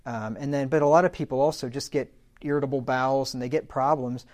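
Man, pastor, Bible teaching, chatty asides, self-corrections, mid pitch. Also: steady tone, quick pace, a little mellow. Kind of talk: sermon-style Bible teaching.

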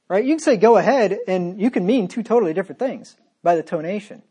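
A man preaching a sermon, reading verses aloud and dropping into sarcastic low asides between loud points. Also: lively intonation, fast, few pauses, breathy edge.

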